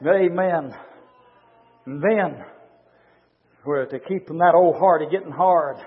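A middle-aged man preaching a fervent sermon as pastor, hollering with sudden loud rises. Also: fairly high pitch, slow pace, in a large hall. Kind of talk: fiery sermon. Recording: tinny, phone-like lo-fi recording.

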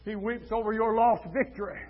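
A preacher man with a strikingly high, piercing voice, dropping low and quiet and then erupting into drawn-out shouts. The recording sounds dull and lo-fi, like an old church tape. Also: steady tone. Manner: fiery preaching that swings from hushed to shouting, drawn-out words. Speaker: pastor. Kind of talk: sermon.

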